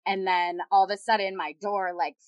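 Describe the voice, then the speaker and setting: A woman recounts a story in a loose, chatty way, her talk full of "like" and quick asides. Her voice sits at an ordinary middle pitch. The sound is dry and close, with no room echo. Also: lo-fi sound. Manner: animated, heavy use of "like". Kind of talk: casual storytelling.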